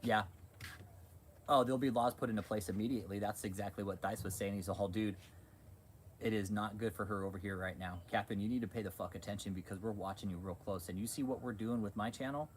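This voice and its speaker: A man's voice: lowish voice, fast talker, slight background noise. A man hosting a livestream, ranting in a heated, profane, repetitive way. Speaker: channel host.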